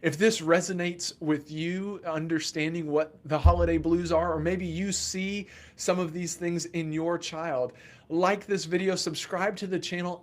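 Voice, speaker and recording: Animated man giving parenting advice. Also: fairly high pitch. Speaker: children's mental health therapist. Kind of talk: casual educational talk to camera.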